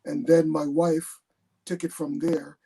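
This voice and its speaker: A man's voice: fairly high pitch, level tone, measured pace, mellow, breathy edge. A man born in England and raised in Jamaica, a guest telling his story on a video call, hesitant and repeating his words. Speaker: guest, retired army captain.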